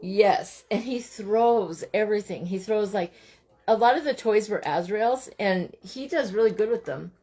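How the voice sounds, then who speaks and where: Slightly rough and warm, this mid-range woman's voice moves a little slowly. She hosts a live crafting stream from home, chatting casually with viewers and frequently stopping to talk to her young kids.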